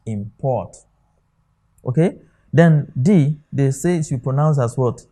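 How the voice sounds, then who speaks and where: Man, Nigerian English accent, tutor, dark warm tone, quizzing tone with frequent okays. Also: on the high side, unhurried. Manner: asks rhetorical questions, repeats okay. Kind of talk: exam-prep lesson.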